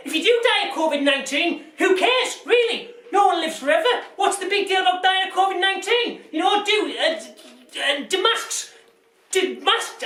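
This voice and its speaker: A man's voice: extremely high pitch, bright, forceful tone, far from the mic, pitched above the performer's own voice, full character voice. A man playing a rambling news anchor. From Britain. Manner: rambling, stumbling, bursts into rants. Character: bumbling bigoted male British news anchor. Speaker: comedian. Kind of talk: parody news presenting. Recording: echoey room, off-mic.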